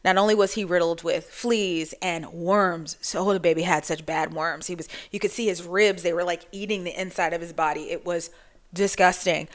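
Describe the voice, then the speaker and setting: A woman's voice: fairly low pitch, fairly even intonation, normal speed. Chatty woman in her forties. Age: 40s. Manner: chatty, rambling, with restarts and asides. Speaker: vlogger. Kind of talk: casual monologue to camera.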